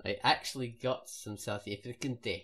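A woman's voice: very deep voice, moderate pace, a little hiss or hum. A woman co-hosting a casual podcast, rambling with self-mocking asides. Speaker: podcast co-host.

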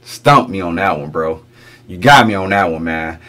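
A man's voice: low voice, expressive, normal speed, bright, forceful tone. A middle-aged man hosting a reaction video, talking casually, repeating lines back to himself and chuckling as he muses over them.

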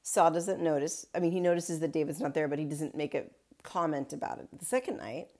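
A woman's voice: low voice, a little fast, dark tone. A woman pastor giving a casual daily Bible reflection, retelling the story in a chatty way with wry asides.

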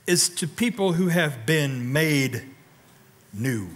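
A male pastor delivers a sermon in a bright, forceful voice pitched a little high. He tells stories animatedly, swinging from loud, punchy lines to hushed ones and prodding his congregation to answer. A long reverb from the sanctuary trails every phrase. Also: lively intonation, slow pace. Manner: talks directly to the congregation, prodding them for responses. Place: church sanctuary.

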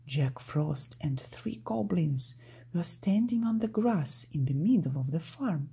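A woman narrating a children's storybook aloud in an expressive storytelling manner. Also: sits low, a little slow, gravelly, husky.

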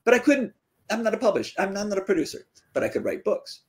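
Male author telling his story animatedly. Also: fast. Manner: lively, acts out quoted dialogue with pitch jumps. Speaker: fantasy author, interview guest. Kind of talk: casual storytelling.

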